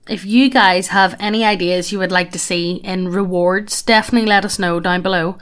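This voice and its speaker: A woman's voice: medium pitch, a bit bright, smooth. Casual woman host reading a story aloud. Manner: swears freely, breaks into laughter. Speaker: channel host.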